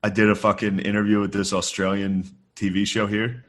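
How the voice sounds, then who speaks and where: Lowish-voiced guy on a podcast, cursing and laughing, just shooting the breeze. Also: little pitch movement, brisk. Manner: swearing, laughing, playful impressions. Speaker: podcast co-host. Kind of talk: casual podcast banter.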